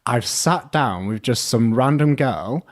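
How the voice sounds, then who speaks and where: A man's voice: medium pitch, expressive, measured pace. A young man telling a funny dating story in casual chat, acting out the quotes and laughing often. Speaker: podcast guest.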